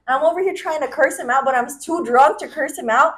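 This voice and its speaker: A woman in her twenties co-hosting a podcast, telling stories in an animated way with frequent laughter. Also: high-pitched, fast talker, slight background noise. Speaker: podcast co-host. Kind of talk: casual chat.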